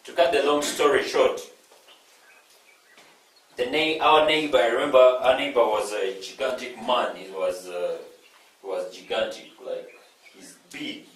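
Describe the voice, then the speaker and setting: Animated storyteller man in an echoey hall. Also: medium pitch, a little slow, pauses often. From East Africa. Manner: animated, repeats phrases, asks the audience questions. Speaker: inspirational speaker. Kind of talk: storytelling talk to a live audience. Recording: very echoey hall, speaker far from mic, faint noise.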